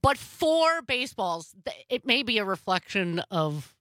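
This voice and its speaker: Bright, chatty woman radio host. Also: medium pitch, measured pace, no room sound, clean studio sound. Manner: chatty, animated storyteller. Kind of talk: casual talk radio.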